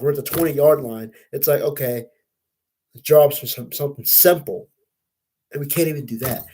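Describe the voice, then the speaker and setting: A man's voice: fairly high pitch, moderate pace, a little mellow, slight background noise, rough recording. A young man hosting a casual sports podcast, venting in a frustrated, profane, rambling way. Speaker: podcast host.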